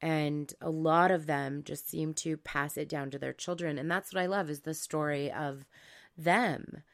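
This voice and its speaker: Female podcast co-host, lower-pitched, chatty and reflective, feels her way to each word. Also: fairly even intonation, measured pace, creaky. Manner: musing, searching for words. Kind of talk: casual wine chat.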